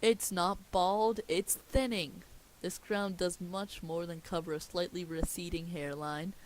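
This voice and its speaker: A woman's voice: on the low side, fairly even intonation, unhurried, slight background noise, natural voice, rough recording. A woman reading the lines of a pompous, stern male sea king in a self-important voice.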